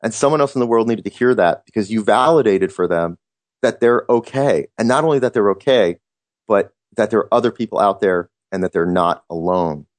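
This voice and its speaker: A man's voice: on the low side, a little fast, no room sound. A man hosting a motivational podcast, talking earnestly and reflectively, often restarting his sentences. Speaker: podcast host.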